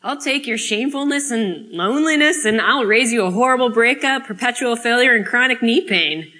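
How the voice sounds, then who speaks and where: A man's voice: extremely high pitch, brisk, pushed and bright. A woman doing a brash, teasing man. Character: blunt joking man in a support group.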